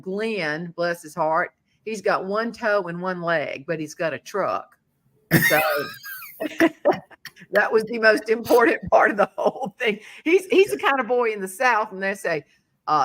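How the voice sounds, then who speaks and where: Bright, animated woman telling stories. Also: mid-range voice, measured pace. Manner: animated storyteller, acting out voices. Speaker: podcast host. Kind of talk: casual interview chat.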